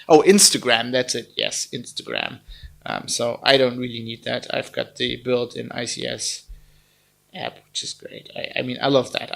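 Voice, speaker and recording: German-accented male tech reviewer, mid pitch, raspy fry, loose and blunt. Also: sharp tone. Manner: chatty and blunt, with many fillers and restarts. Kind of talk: casual product review.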